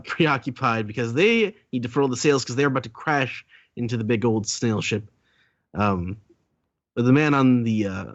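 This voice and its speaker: A man co-hosting a podcast, recapping a manga chapter in a relaxed, halting way. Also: medium pitch, no room sound, highs cut off. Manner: relaxed, halting storytelling with fillers. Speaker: podcast co-host.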